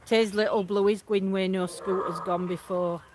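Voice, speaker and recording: A woman's voice: medium pitch, steady tone, measured pace, in a large hall, noisy background. Woman coaxing spirits in a graveyard. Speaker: paranormal investigator host. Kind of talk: live ghost-hunting commentary. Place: outdoor cemetery at night.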